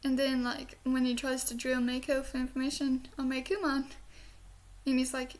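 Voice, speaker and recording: A woman's voice: high-pitched, level tone, moderate pace. A woman from the southern United States with a speech impediment that she says sounds British, rambling casually through a review with lots of fillers and giggles. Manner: chatty and giggly, with many "like" fillers and soft whispered asides. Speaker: video reviewer.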